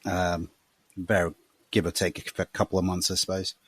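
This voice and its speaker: A man's voice: low voice, flat delivery, moderate pace, slightly rough, no echo. A man from South Wales with an English accent and a slight Welsh twang, co-hosting a casual film podcast with short, agreeable replies. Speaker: podcast co-host, musician.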